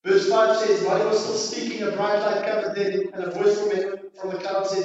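High-voiced man preaching in an echoey hall. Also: little pitch movement, a little fast, hardly any pauses. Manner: preaching with rising, emphatic exhortation and quiet dramatic drops. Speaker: pastor. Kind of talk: sermon. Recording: distant, echoey hall, dull sound.

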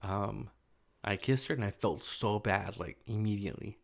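A man's voice: on the low side, moderate pace, gravelly. A young man casually telling a personal story, loose and rambling, full of fillers.

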